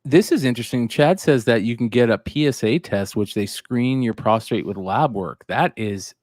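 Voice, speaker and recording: A man's voice: medium pitch, moderate pace, darkish tone, dry recording, clean studio sound. Laid-back man in his forties. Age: 40s. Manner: laid-back, sympathetic, casual slang. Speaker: podcast co-host. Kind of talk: casual podcast chat.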